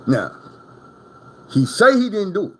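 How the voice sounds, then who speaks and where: A man's voice: sits high, very animated, unhurried, bright, forceful tone, slightly rough. A man from Arkansas, telling prison stories in a casual storytime monologue. His talk is profane and rambling, full of asides to the listener.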